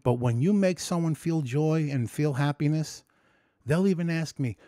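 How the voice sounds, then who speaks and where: In a candid personal vlog, a man emotionally tells his story, rambling through many restarts and swear words, shifting between excited storytelling and low, quiet reflection. He speaks at normal speed, in studio-quality audio without room sound.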